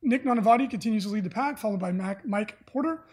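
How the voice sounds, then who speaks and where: A man's voice: high voice, quick pace, a little mellow. A man co-hosting a casual podcast, reading event news and rankings with frequent "uh" fillers and easy laughs. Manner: laughs often, reads lists with filler "uh".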